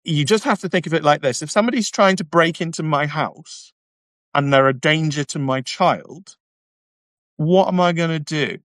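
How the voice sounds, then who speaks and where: A man's voice: on the high side, normal speed, fairly bright tone, dry recording. A man hosting a livestream, reading viewer comments and answering them bluntly, with sardonic asides. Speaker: YouTube channel host reading viewer comments. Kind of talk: casual livestream chat.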